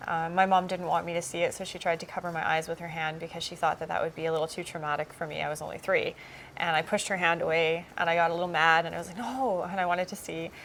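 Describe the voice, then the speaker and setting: A woman's voice: lowish voice, flat delivery, fast, fairly bright tone, slight background noise. A woman cast member giving a personal testimony in an interview, telling her story in an earnest, reflective way.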